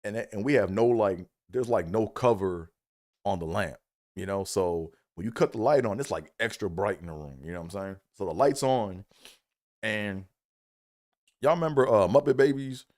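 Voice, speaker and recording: A man's voice: lowish voice, normal speed. Man telling a profane comic story. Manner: profane, animated, acts out quotes in a raised voice. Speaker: comedic storyteller. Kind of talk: casual storytelling monologue.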